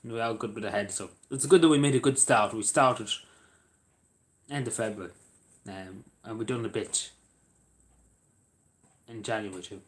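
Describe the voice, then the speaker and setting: A man's voice: fairly low pitch, moderate pace, long pauses. A man chatting casually to his livestream viewers, rambling and hesitant with many fillers and restarts. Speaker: livestream host. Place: at home in a squeaky chair.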